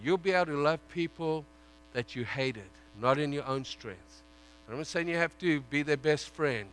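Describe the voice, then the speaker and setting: A man preaching a sermon, swinging from loud pleading to hushed, intimate prayer. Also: a little high, slight background noise.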